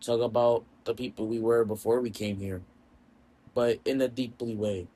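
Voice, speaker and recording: A man voicing a caring young cartoon woman, speaking in a soft, reassuring way. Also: mid-range voice, flat delivery, moderate pace, slight background noise, voice pushed down, natural voice. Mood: comforting.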